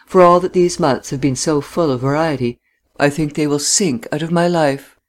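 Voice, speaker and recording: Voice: mid-range voice, moderate pace, close to an everyday voice. A reader voicing a flippant young man. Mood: wistful.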